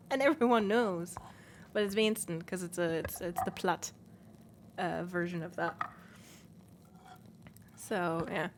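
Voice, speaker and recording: A woman's voice: lowish voice, slow, long pauses, background noise. A woman from northern Germany, a native German speaker with a northern German accent, chatting casually while playing a game and explaining things with many fillers. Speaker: let's play streamer. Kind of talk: casual gameplay chat.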